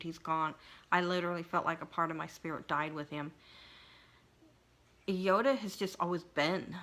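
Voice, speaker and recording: A middle-aged woman vlogger telling a personal story in an emotional, halting way, with frequent restarts and pauses. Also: lowish voice, fairly bright tone. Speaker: craft vlogger.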